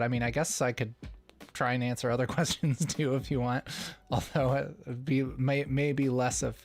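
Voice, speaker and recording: A man hosting a casual livestream Q&A, playful and chuckling often as he reads the chat. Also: mid-range voice. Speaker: livestream host.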